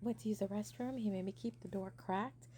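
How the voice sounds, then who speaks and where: A young woman casually telling a personal story, animated, acting out what people said and using many fillers. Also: mid-range voice, a little fast, a little hiss or hum.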